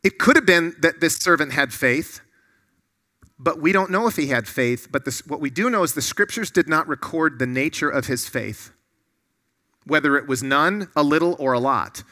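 A man's voice: on the high side, expressive, normal speed, sharp tone. A man preaching a sermon to a room of listeners, earnest and often putting questions to them.

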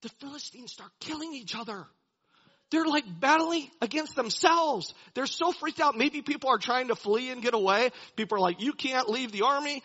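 A man's voice: extremely high pitch, lively intonation, moderate pace, sharp tone, slightly rough. A man preaching a sermon, animatedly retelling a Bible story and chuckling as he goes. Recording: dull lo-fi recording.

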